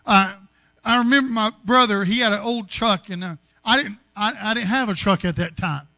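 A man preaching in a high, bright voice. He tells homely stories from his own life, then lifts them into fervent preaching. The sound is close and dry. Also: moderate pace, no room sound. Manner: folksy storytelling, rising to fervent preaching. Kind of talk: sermon with personal stories.

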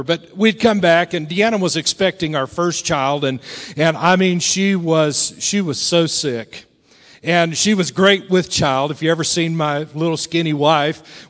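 Folksy preacher man in a reverberant hall. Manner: folksy and animated, swings between loud bursts and low, quiet lines. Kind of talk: storytelling sermon. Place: church sanctuary. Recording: long reverb of a large hall.

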